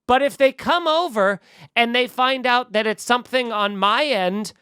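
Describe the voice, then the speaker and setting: A man hosting a comedy podcast, telling a story with animated ranting and frequent laughter on a close mic. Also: extremely high pitch, normal speed, clear, resonant tone, dry recording.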